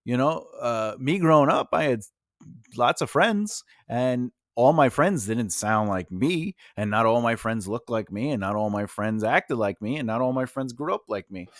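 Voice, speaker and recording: Clean studio audio with no echo captures a mid-range male voice. The speaker, a New Yorker from Long Island and Brooklyn with the local accent, runs a casual writing lesson as its host, wandering off track and leaning heavily on fillers in a chatty monologue.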